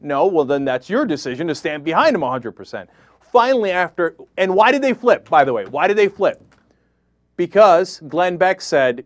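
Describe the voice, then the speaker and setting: A man's voice: fairly high pitch, very animated, moderate pace, no echo. Sarcastic, fired-up male political host. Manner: angry, sarcastic, emphatic. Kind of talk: political commentary monologue.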